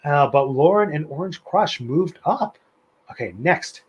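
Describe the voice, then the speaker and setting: Chatty, slightly high-voiced male trivia host. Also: expressive, unhurried, a little mellow, slightly rough, muffled recording. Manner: chatty and playful, with asides and opinionated rants. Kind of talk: live-streamed trivia hosting.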